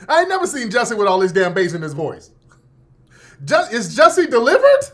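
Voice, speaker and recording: A man's voice: very high voice, huge pitch swings, moderate pace, a bit bright. Sarcastic guy hosting a radio show, laughing and mocking, voice swoops all over. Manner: sarcastic, mocking, laughs often, repeats "hold on". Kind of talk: mocking commentary monologue.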